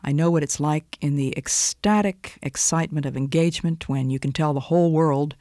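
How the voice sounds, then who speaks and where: A woman giving an earnest, expressive devotional talk, dropping now and then into soft whispers. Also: low voice, a little fast, hardly any pauses, no room sound, studio quality. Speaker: devotional speaker.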